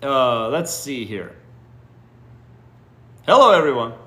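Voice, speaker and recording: This livestream host, a man, reacts to viewer comments with blunt, teasing advice, swears freely, and keeps asking "what?" in disbelief. His medium-pitched voice is very animated yet slow and a bit bright, in an echoey indoor room.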